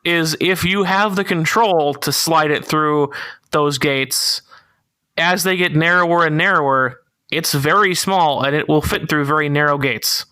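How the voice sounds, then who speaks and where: A man's voice: a little high, measured pace, pushed and bright, clear, resonant tone, no echo. A young man co-hosting a casual car podcast, laughing often and explaining technical details in a laid-back way. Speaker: podcast co-host.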